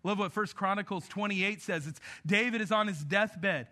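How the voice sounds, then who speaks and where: A man preaching a sermon to parents, earnest, moving between emphatic lines and soft, intimate passages. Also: high-pitched, normal speed, hardly any pauses. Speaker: pastor.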